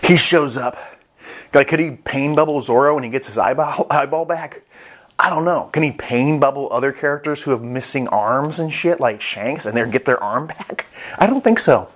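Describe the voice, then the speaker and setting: A man reviewing a comic chapter in casual vlog commentary, rambling and excitable, swearing freely. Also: medium pitch, normal speed. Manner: rambling, excitable, with profanity and restarts.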